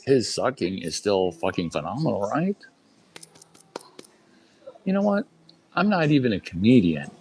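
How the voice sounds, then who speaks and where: A man's voice: low voice, slight background noise, low-quality recording. A man doing crude, boastful stand-up on a club stage, rambling through a story and talking straight to the crowd. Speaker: open-mic performer.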